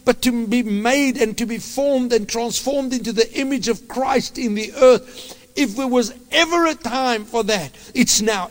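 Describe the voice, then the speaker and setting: High-voiced guy preaching, fired up, stumbles and restarts a lot, long hall echo. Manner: impassioned, halting with many restarts. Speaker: pastor. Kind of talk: sermon.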